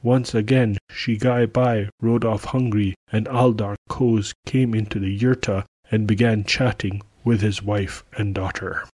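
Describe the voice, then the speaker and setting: A man narrating a folk tale aloud for a podcast in a calm, measured way. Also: fairly low pitch, breathy edge, no room sound. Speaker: podcast storyteller.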